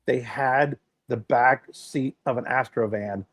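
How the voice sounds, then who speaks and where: A man of middling pitch co-hosts a relaxed podcast chat. He tells stories with emphatic energy and swears now and then. The sound is dry and close to the mic. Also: slow pace, breathy edge, no echo. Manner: emphatic, animated storytelling with swearing. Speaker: podcast co-host. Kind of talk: casual chat.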